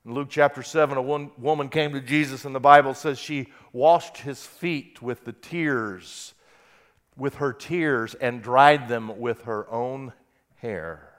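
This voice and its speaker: Impassioned preacher man, smooth voice. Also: mid-range voice. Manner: builds to loud impassioned peaks, then drops to quiet; reads scripture aloud with emphasis. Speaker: pastor. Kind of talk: sermon.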